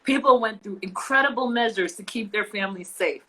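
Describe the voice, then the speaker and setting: A woman's voice: mid-range voice, a little fast, sharp tone, poor audio. A woman co-hosting a casual talk show, speaking with impassioned emphasis and repeating phrases as she vents. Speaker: podcast co-host. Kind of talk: emotional casual chat.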